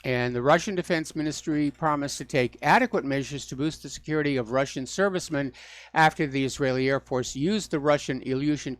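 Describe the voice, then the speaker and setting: A man's voice: mid-range voice, dry recording. A man hosting a call-in radio talk show, delivering opinionated, mocking rants.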